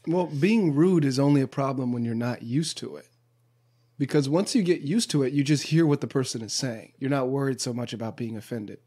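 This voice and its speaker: A young man from Pasadena in casual conversation, telling a story in a relaxed way with many filler words. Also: medium pitch, a little fast, breathy edge. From Pasadena, California. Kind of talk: casual chat.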